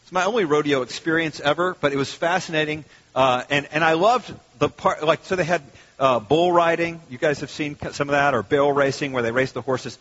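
Middle-aged male pastor, fairly high husky voice, lively sermon delivery, dull lo-fi recording. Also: a little fast. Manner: animated, conversational preaching with sudden loud mock outbursts.

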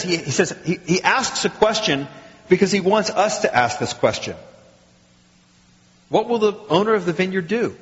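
A male pastor giving a sermon, with lively rhetorical questions and acted quotes. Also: fairly high pitch. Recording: muffled sound with long hall reverb.

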